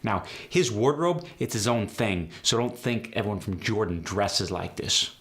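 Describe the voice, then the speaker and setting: Guy teaching an accent tutorial, kinda low voice, quick and to the point. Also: lively intonation, fairly bright tone. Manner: brisk, direct explaining. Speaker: accent coach. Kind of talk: instructional tutorial.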